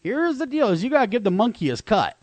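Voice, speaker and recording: A man's voice: very high-pitched, very animated, quick pace, no room sound, pitched above the performer's own voice. A man putting on a smug male animal-rights spokesman with a drawling, mock-reasonable delivery.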